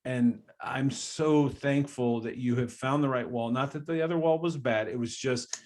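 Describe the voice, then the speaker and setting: A man's voice: mid-range voice, normal speed, darkish tone. A man hosting a podcast, wrapping up an interview in a grateful, effusive way and laughing often. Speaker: podcast host. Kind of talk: casual interview wrap-up. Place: from Columbus area.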